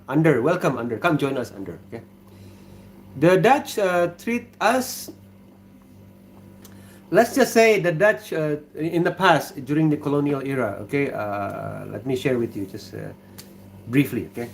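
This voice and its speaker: A man from Indonesia with an Indonesian accent, hosting a casual livestream from his kitchen, talking in a relaxed, halting way and reading viewer comments aloud. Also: fairly high pitch, a little hiss or hum. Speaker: livestream host.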